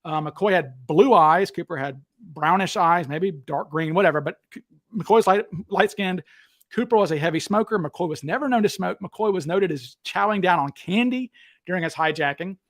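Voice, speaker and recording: A Southern man with a fairly high voice talks bluntly and combatively as he hosts a live discussion. He is animated and quick to call claims false. The sound is dry and close. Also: dry recording. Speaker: host. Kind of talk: heated livestream discussion.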